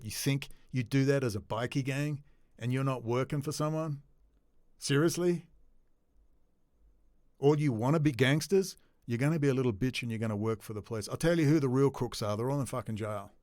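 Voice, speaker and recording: Man, mid-pitched voice, angry rambling rant, lots of swearing, dry close sound. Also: a little mellow, no echo. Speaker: video blogger. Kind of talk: unscripted rant to camera.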